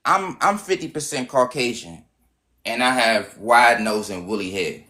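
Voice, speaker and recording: An insistent man hosts a casual livestream with callers. He repeats his points again and again and talks over anyone who strays. His voice sits at an everyday middle pitch. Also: unhurried, pushed and bright. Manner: insistent, repeats himself, keeps cutting in. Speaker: livestream host.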